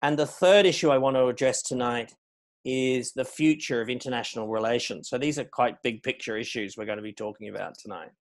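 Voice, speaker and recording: A middle-aged man giving a public lecture as guest speaker, measured and anecdotal, stressing key words. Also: mid-range voice. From Australia. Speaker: guest speaker on foreign policy.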